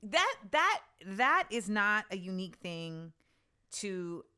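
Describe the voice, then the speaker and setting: A woman from the United States hosting a casual podcast interview, emphatic and quick to laugh, asking pointed follow-up questions. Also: mid-range voice, big pitch swings, pushed and bright, clean tone. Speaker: podcast host.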